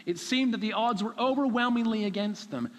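A man's voice: sits high, a little fast, long reverb tail. A man preaching a sermon, telling a story animatedly and acting out the characters.

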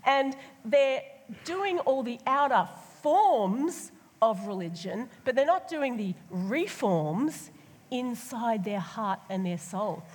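A woman preaching a sermon, lively and colloquial, sometimes acting out the voices of the people she talks about. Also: on the high side, slow, breathy edge. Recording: long hall reverb.

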